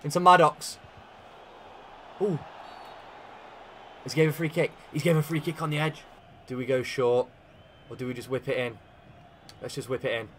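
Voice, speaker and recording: A young man commentating his own football video game career with lively, animated energy and sudden shouts. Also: mid-range voice, normal speed, long pauses, a little hiss or hum. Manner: animated, shouts at big chances. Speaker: gaming YouTuber. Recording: faint guitar music behind.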